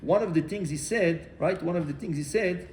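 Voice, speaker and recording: A man gives a Torah class, slipping into the voices of the people in his story with lively restarts. His voice sits a little high for a man. The room is echoey, with a faint hum of ambience behind him. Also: moderate pace. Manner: animated storyteller acting out dialogue, many restarts. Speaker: rabbi.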